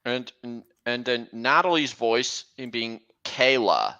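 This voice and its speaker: Young guy chatting on a stream, slow and stop-start, kinda bright edgy voice. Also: mid-range voice, clean tone, highs cut off. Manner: halting, with frequent restarts. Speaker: livestream host. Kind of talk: casual stream chat.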